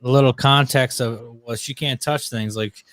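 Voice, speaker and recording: A man's voice: mid-range voice, steady tone, moderate pace, fairly bright tone, no echo. A man co-hosting a casual podcast chat, joking and teasing his friends. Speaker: podcast co-host.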